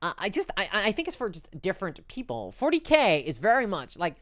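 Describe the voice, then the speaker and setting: A woman's voice: medium pitch, wildly swooping pitch, brisk, no echo, studio quality. Rambling woman streaming live. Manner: rambling, stumbling over words, laughs often. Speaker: streamer answering live chat. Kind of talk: casual live-stream chat.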